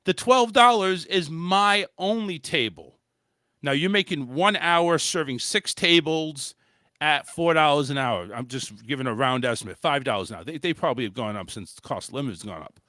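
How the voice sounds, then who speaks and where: A man's voice: fairly high pitch, lively intonation, moderate pace, bright, forceful tone, dry recording. A male host giving a blunt, swearing opinion monologue in a casual style, talking into a close mic. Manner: blunt, ranting, swears freely.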